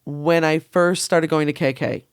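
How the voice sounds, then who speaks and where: A woman speaks frankly as a podcast guest in a casual chat, her voice smooth and resonant. She laughs often and sometimes rattles off her words in quick bursts. The sound is close and dry, with no room echo. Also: deep voice. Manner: candid, laughing, fast bursts.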